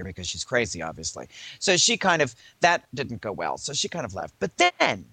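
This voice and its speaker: A man's voice: fairly high pitch, very animated, moderate pace, sharp tone, slightly rough, no room sound. A man co-hosting a talk show, telling an anecdote in a casual, theatrical way and mimicking other people's voices. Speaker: podcast co-host. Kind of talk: casual storytelling chat.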